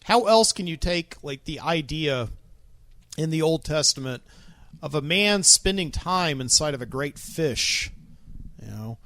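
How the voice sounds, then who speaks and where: A man's voice: on the high side, pushed and bright, dry recording. Wry, rambling male podcast host. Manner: rambling, wry, many ums and uhs. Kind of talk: casual solo monologue.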